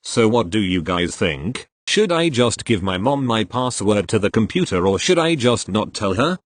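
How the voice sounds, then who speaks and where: Low-pitched guy reading out posts, steady even delivery, dry close sound. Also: normal speed, no room sound. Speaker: reader of online posts. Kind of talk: scripted narration.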